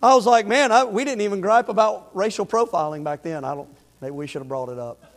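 A man's voice: high voice, fairly quick. A middle-aged man preaching in church, telling a personal story in a conversational way, then building to emphatic preaching with repeated phrases. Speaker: pastor. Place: church sanctuary. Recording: long hall reverb.

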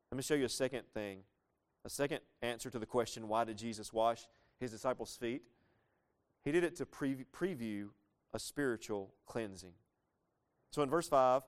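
A man preaching a sermon, lively and conversational, asking his listeners questions and acting out the lines he quotes. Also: medium pitch, clear, resonant tone. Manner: animated, asks the congregation questions, acts out quoted lines. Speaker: pastor.

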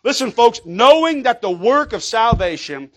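High-voiced, emphatic preaching man. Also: big pitch swings, moderate pace. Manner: emphatic, calls out "Amen?" often; stumbles and repeats words. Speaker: pastor. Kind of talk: sermon.

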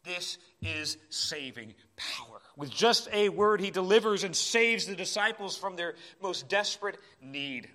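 A man preaching a sermon in a church, impassioned, swinging between urgent cries and quiet asides. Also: high voice, lively intonation, measured pace, hardly any pauses. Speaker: pastor.

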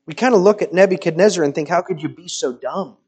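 A man preaching a sermon in an emphatic, rhetorical style with deliberate pauses. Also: high voice, darkish tone, husky.

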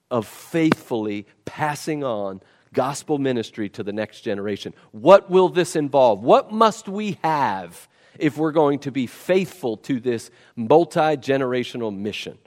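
A man preaching a sermon, emphatic and repeating key words for stress. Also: mid-range voice. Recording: long reverb of a large hall.

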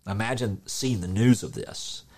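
This middle-aged man gives an informal sermon with earnest animation, acting out quotes and laughing now and then. His voice sits on the low side and moves a little slowly.

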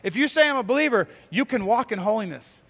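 A man's voice: sits high, expressive, fast talker, creaky, a bit bright, husky, big-room sound. A male pastor preaching an earnest, emphatic sermon with repeated phrases.

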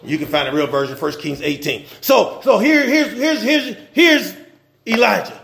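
Guy preaching, high pitched voice, joking around, roomy church sound. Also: lively intonation, normal speed, gravelly, a bit bright. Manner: informal preaching with slang and humor, rising and dropping in intensity. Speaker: pastor. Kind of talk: sermon.

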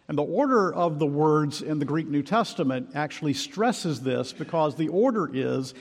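A man preaching an expository sermon, emphatic and measured, slowing down to stress key words. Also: fairly high pitch, lively intonation. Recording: long hall reverb.

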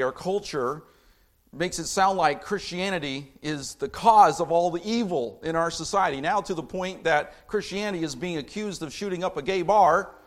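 A middle-aged man delivers a sermon with a somewhat raised pitch. He reads scripture low and measured, then climbs into impassioned, fired-up stretches before settling down again. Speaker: preacher.

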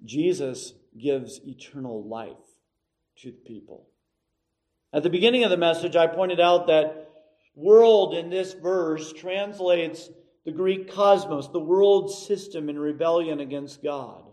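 A middle-aged man preaching a sermon, emphatic and measured, with dramatic pauses. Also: a little high, darkish tone, rough recording. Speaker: pastor.

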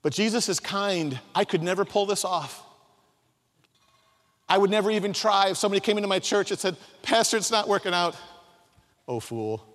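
A man preaching a sermon, emphatic, swinging from soft asides to loud acted-out quotes. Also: high voice, fairly even intonation, brisk. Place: large hall. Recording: long hall reverb.

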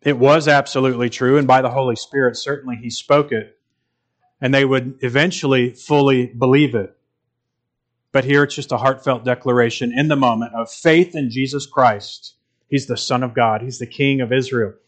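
A man's voice: medium pitch, fairly even intonation, normal speed. A man preaching a sermon in an earnest, emphatic way, repeating phrases for stress.

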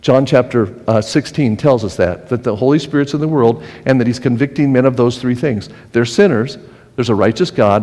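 A male pastor delivering an earnest sermon, with frequent restarts and swings in pace and pitch. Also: dark tone. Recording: long hall reverb.

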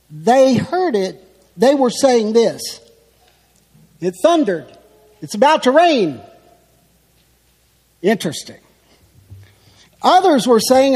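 A man delivers an expository sermon in a very high voice, taking his time over each phrase. His emphatic, unhurried teaching carries a long reverb from the church sanctuary around him. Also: a little mellow, husky. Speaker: preacher.

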